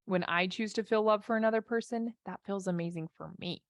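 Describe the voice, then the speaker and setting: A woman life and marriage coach giving an animated, conversational talk, acting out inner voices as she goes. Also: mid-range voice, brisk, dry recording, studio quality.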